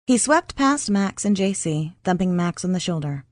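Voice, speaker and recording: A woman narrating an audiobook in a measured, even reading. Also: lowish voice, no echo, clean studio sound. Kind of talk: scripted narration.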